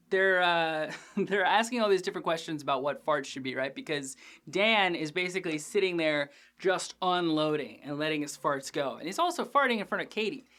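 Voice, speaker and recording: Female host, lowish voice, casual profane episode recap with jokey asides. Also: a bit bright. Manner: chatty, profane, joking asides. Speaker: TV after-show host.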